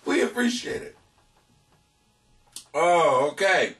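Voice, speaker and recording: A man hosting a comedy podcast, reading listener letters and answering them in a loud, crude, animated way. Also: high-pitched, takes it slowly, recorded from a distance. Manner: loud, crude, animated, laughing at his own jokes. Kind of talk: casual profane comedic advice. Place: home basement.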